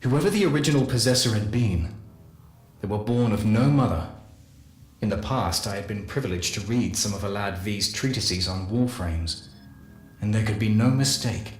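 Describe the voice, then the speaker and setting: An actor playing a solemn male scientist narrating a game audio journal, measured and confessional. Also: fairly low pitch, expressive, lightly acted. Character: solemn male scientist recounting guilty secrets. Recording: echoey voice with faint music.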